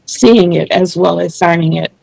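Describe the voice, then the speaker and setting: A woman's voice: fairly low pitch, normal speed, vocal fry, a little mellow, dry recording, poor audio. A woman hosting a casual video interview, speaking earnestly and explaining things at length with small restarts. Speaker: channel host interviewing a guest.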